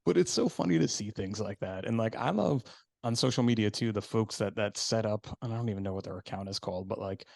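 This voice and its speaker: A man's voice: fairly low pitch, fast, gravelly, darkish tone, no room sound, clean studio sound. A middle-aged man hosting a podcast, chatting casually and laughing at his own stories. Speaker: podcast host. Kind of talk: casual conversation.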